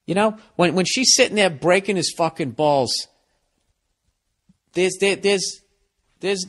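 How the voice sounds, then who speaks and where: A man with a high-sitting, fairly bright voice hosts a podcast, delivering a profane, exasperated comedic rant. He acts out both sides of the arguments.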